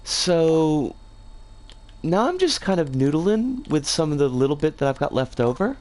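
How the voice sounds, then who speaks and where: A streamer chats casually to their livestream, drifting from one thought to the next and dropping bits of playful slang. The voice sounds rough and scratchy today. The delivery is unhurried, but the pitch swings up and down a lot. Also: very animated, a little mellow. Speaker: game streamer.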